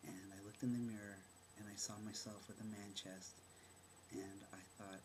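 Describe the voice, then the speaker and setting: Frank, animated middle-aged man storytelling. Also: lowish voice, noisy background. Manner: frank and animated, acts out remembered dialogue; halting, with many fillers and restarts. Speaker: storyteller sharing his own experience. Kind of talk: candid personal storytelling.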